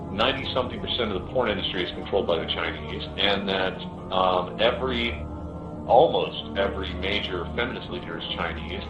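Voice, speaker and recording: A man delivering a profane, heated monologue that rambles with many restarts. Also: fairly low pitch. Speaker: commentator. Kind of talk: ranting monologue. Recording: roomy, dull lo-fi recording with music behind.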